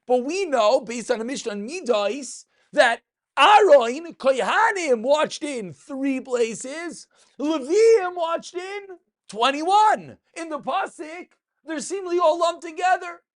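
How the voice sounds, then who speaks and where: A rabbi gives an animated Talmud lesson, his voice rising and falling widely. He keeps asking his listeners questions, answers them himself, and goes back over each point. He speaks in the sing-song cadence of the study hall. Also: extremely high pitch, takes it slowly. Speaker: rabbi teaching a daily Talmud class.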